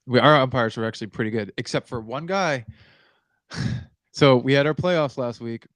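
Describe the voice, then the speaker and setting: A man's voice: medium pitch, normal speed, fairly bright tone, no room sound. A man co-hosting a podcast who vents in rambling casual chat and laughs often. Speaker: podcast co-host.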